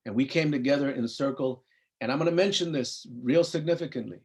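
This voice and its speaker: A man's voice: mid-range voice, fast talker. A man in his fifties from California, a psychologist telling an earnest personal story at a briefing and acting out the dialogue. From US (Compton, California). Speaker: psychologist and program founder.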